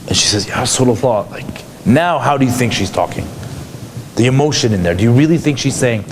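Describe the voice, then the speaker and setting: A man's voice: mid-range voice, expressive, fairly quick, a little hiss or hum. A man giving a conversational lecture to a class, asking many rhetorical questions. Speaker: psychologist teaching a class.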